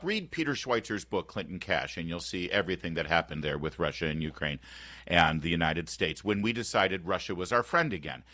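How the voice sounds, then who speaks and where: A man in his fifties hosting a radio talk show, chatting in an animated, opinionated and sarcastic way, often restarting his sentences. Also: medium pitch, no echo. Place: radio studio. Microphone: close studio microphone.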